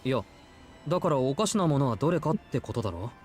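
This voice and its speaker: An actor voicing a calm, laconic young man in a visual novel, speaking in a low-key, matter-of-fact way. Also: racing, faint music behind, close to an everyday voice. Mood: puzzled.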